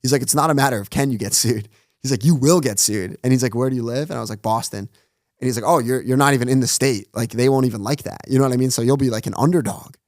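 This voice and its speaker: A man's voice: mid-range voice, no echo, studio quality. A man on a podcast as a guest, telling stories in a casual way and acting out quoted lines, with constant "like" fillers. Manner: fast retelling, acts out quoted dialogue, heavy use of "like". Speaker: podcast guest, runs his own online show. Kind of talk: casual storytelling interview.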